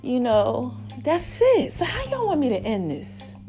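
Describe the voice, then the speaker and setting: A woman hosting a casual motivational podcast, preachy and animated, her voice cracking and tired. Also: high-pitched, unhurried, soft background music. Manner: preachy, animated, calls listeners baby and child. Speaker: podcast host.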